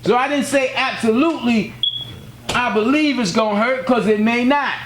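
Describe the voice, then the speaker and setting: A man's voice: very high voice, moderate pace, a bit bright, slight background noise. A man from the United States giving a spiritual teaching in an earnest, plainspoken way, repeating key phrases and telling personal stories. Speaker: religious teacher.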